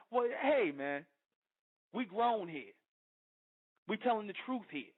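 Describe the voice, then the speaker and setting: A man's voice: high voice, animated, normal speed, long pauses. A male radio host delivering an impassioned, confrontational monologue, profane and repetitive, constantly asking if you understand. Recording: tinny phone-like line.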